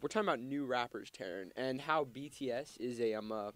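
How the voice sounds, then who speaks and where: A young man co-hosting a student radio talk show, chatting loosely and quick to push back. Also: mid-range voice, a bit bright. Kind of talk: casual panel discussion.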